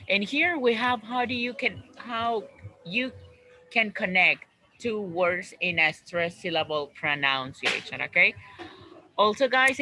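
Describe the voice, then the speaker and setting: A man teaching an English class over a video call, slowly repeating words and phrases for his students. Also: high voice, pushed and bright, slight background noise, poor audio.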